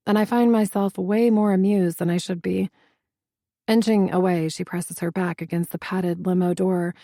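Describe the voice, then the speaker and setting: A woman's voice: fairly low pitch, dark tone, dry recording. A woman reading a first-person novel aloud as audiobook narrator, in a wry, dry and sardonic manner.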